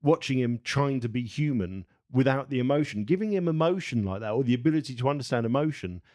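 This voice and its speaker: A man's voice: mid-range voice, expressive, fast, darkish tone, no echo. Emphatic man, dry close voice. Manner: emphatic, swears, hesitant restarts. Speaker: podcast co-host. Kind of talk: casual film discussion.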